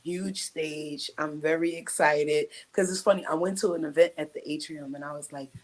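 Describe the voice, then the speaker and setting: Brooklyn singer lady on a radio interview, new york accent, lowish voice, lots of ums. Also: fairly even intonation, moderate pace, rough recording. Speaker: singer-songwriter guest. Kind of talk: casual interview chat.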